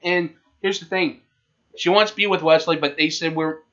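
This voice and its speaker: A man co-hosts a casual podcast, walking through a movie plot in a loose, rambling way. His voice sits a little high and sounds sharp and forceful. The recording is dull and lo-fi. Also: fairly even intonation, normal speed. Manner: retells a film plot loosely, with restarts. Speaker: podcast co-host. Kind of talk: casual chat.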